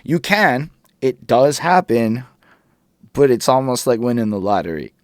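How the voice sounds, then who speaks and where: A man hosting an interview, animated and casual, laughing and swearing as he talks. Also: medium pitch, moderate pace, no room sound, clean studio sound. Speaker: podcast host.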